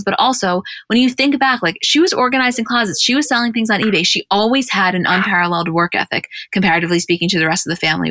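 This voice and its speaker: A young woman co-hosting a casual podcast, retelling scenes in an animated, giggly way. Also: lowish voice, no room sound, studio quality. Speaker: podcast co-host. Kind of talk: casual podcast chat recapping episodes.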